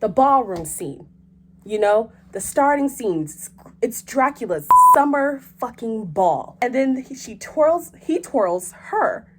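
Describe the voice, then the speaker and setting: Animated, profane young woman vlogger. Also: on the high side, slow pace. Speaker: host. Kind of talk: casual chat.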